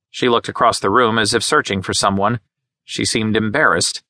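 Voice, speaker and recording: A man narrating an audiobook in a measured studio reading, gently voicing each character. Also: on the low side, fairly even intonation, no echo. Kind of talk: scripted narration.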